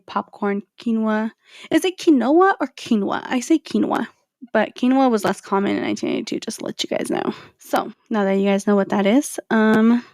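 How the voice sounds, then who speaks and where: A woman in her thirties hosts a solo podcast episode, chatting informally and speaking straight to her listeners. Her voice carries a gravelly, fry-tinged texture. The sound is dry and close. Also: medium pitch, a little mellow, no echo. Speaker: podcast host.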